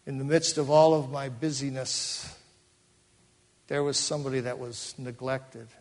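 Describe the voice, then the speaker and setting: Pastor preaching in a reverberant hall. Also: male voice, medium pitch, flat delivery, a little slow, a little mellow. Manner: storytelling, acts out quoted voices. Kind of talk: sermon. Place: church sanctuary.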